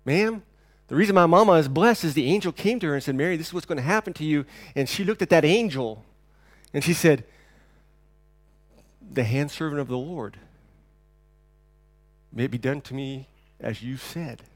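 A man voicing a gentle Southern man with a South Alabama twang, speaking kindly to a woman. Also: a little high, moderate pace, pauses often, no room sound, natural voice. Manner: drawling, gentle.

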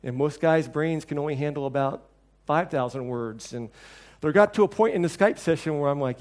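A middle-aged man preaching a sermon, telling stories and acting out quoted voices with lively shifts. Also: normal speed, hardly any pauses. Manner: storytelling, acts out quoted voices with lively shifts in pitch and level. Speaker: pastor.

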